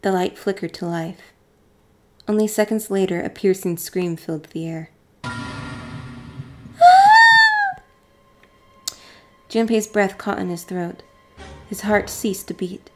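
Lower-voiced woman reading a visual novel. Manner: dry asides between dramatic reading. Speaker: let's play narrator.

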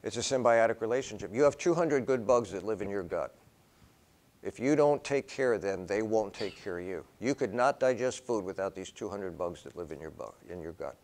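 An older male professor lecturing his class in a somewhat low voice. He talks casually, drifting into anecdotes and playing out both sides of remembered conversations. The delivery feels like a live classroom. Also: expressive, normal speed, darkish tone. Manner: conversational, rambling into personal stories; acts out dialogue in quoted voices. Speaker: philosophy professor.

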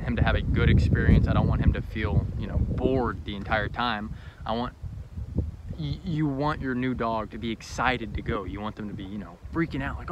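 A man's voice: mid-range voice, lo-fi sound. A man hosting his hunting channel, chatting casually and easily with plenty of fillers while out in a field by water, recorded on a handheld camera. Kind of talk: casual outdoor vlog talk. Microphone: handheld camera mic. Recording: outdoor recording, clear background noise.

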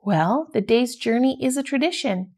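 A woman reading the lines of a kind, gentle king and father in a storybook. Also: on the high side, lively intonation, moderate pace, pitched above the performer's own voice.

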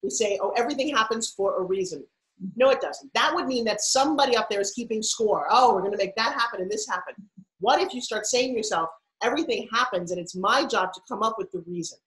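A woman giving an energetic motivational talk as a podcast guest, emphatic and playful. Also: on the high side, fast, echoey room, rough recording. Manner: emphatic, animated, playful asides.

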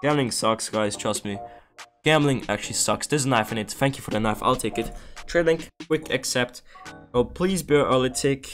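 A man's voice: mid-range voice, moderate pace, faint music behind. Exasperated young man pleading at a screen. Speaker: streamer. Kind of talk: casual gambling commentary.

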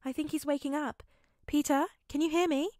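Woman playing a gentle, motherly woman. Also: sits high, steady tone, normal speed, no room sound, clean studio sound, voice pushed up, lightly acted. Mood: caring. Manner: gentle and soothing. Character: caring motherly woman, gentle but firm.

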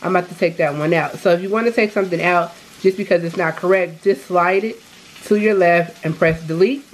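A woman's voice: on the low side, brisk, poor audio. A woman vlogging casually from her home kitchen, chatting upbeat to viewers and calling them y'all. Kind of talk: casual vlog chat.

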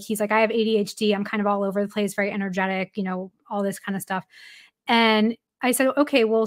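Guesting on a podcast, a woman who reports on baseball shares a story in a relaxed way, laughing at times and saying "like" a lot. She has a mid-range voice.

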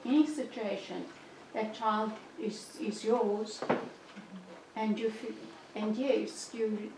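A woman in her sixties sharing earnestly at a church Bible study, speaking in a measured way. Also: on the high side, fairly even intonation, noisy background. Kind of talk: church group discussion. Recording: echoey room from far off.

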